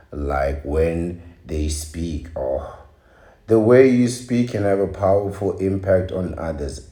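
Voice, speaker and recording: Male podcast host, dark mellow voice, slow mocking rant. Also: very deep voice, echoey room. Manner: ranting, mocking, repetitive exclamations. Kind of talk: opinionated monologue.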